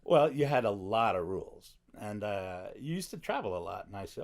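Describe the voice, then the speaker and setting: A man's voice: on the low side, very animated, a little fast, a little mellow. A man speaking as a podcast guest in a studio back room, reflective and wry, with a teasing humor. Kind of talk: casual conversation.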